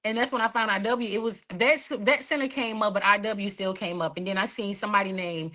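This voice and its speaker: Woman in her 30s, bright voice, lively casual storytelling, laughs a lot. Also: medium pitch, fast talker, hardly any pauses, poor audio. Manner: lively, expressive, laughs often. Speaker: podcast guest, Marine veteran.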